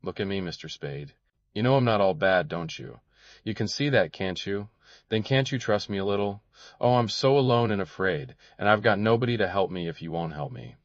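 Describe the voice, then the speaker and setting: A desperate young woman in a hardboiled mystery audiobook, as a male reader puts her on, begs in a trembling, pleading voice. It sits a little higher than a deep male voice but stays low overall. The sound is dull and dry. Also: moderate pace, dry recording, close to an everyday voice. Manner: tremulous, pleading. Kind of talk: audiobook character voice.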